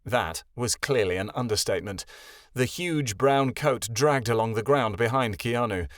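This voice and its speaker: A man reading a fantasy audiobook as the narrator, in an expressive storytelling manner. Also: medium pitch, normal speed, dry recording. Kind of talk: scripted narration.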